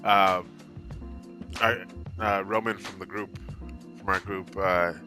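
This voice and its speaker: A man's voice: low-pitched, fairly even intonation, slow pace, over music. A man co-hosting a podcast, chatting casually, laughing hard and swearing freely. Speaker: podcast co-host. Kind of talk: casual chat.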